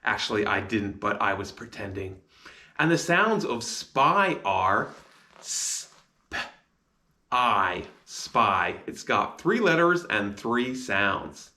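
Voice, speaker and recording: Slow, bright-voiced man teaching spelling. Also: fairly low pitch, very animated. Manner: sounds out each letter slowly and clearly. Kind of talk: slow phonics spelling lesson.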